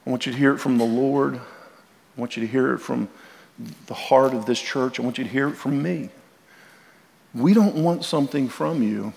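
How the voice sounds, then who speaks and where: A man's voice: mid-range voice, moderate pace, vocal fry, long pauses, darkish tone. A middle-aged man preaching a sermon as pastor, earnest and direct, often repeating and restarting his words as he speaks to the congregation. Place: church sanctuary. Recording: long hall reverb.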